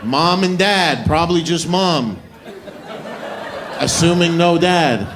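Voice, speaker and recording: A man's voice: on the high side, lively intonation, slow, a crowd in the background, background noise. Crude, mocking male stand-up comic. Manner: crude, mocking, swaggering delivery. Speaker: stand-up comedian. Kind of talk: stand-up comedy set. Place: comedy club stage.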